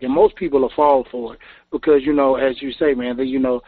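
A man's voice: fairly high pitch, brisk, slightly rough, dry recording. A man calling in to a talk show, talking in a rambling way full of "you know", heard over a phone line. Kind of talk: casual call-in chat.

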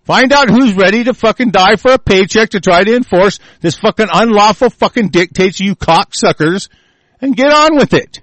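A man's voice: sits high, animated, moderate pace, no room sound. A man from the United States in an angry, profane political rant, full of threats. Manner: furious, profane, shouting threats.

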